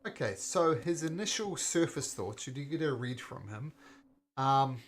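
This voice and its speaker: A man narrating and describing as game master of a tabletop role-playing game, in a measured, explaining way. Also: medium pitch, slight background noise.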